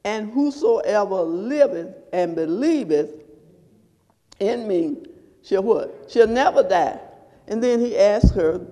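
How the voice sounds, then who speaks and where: High-voiced preacher in a reverberant hall. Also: male voice, warm tone. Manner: call-and-response preaching, quizzing the congregation. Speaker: pastor. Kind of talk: sermon.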